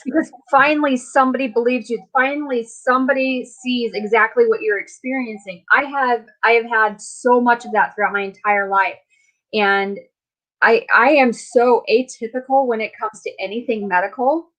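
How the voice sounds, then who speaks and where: A middle-aged woman hosting a casual live chat, chatty and quick to laugh as she retells what people said to her. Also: a little high, steady tone, a bit bright, low-quality recording. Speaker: host.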